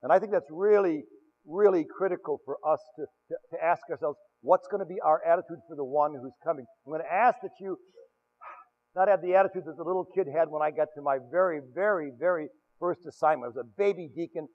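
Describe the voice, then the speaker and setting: A man's voice: fairly high pitch, fast. An older man preaching a sermon as pastor, telling stories with many restarts and repeated words. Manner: animated storytelling with many restarts. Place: large church. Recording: echoey church, dull lo-fi.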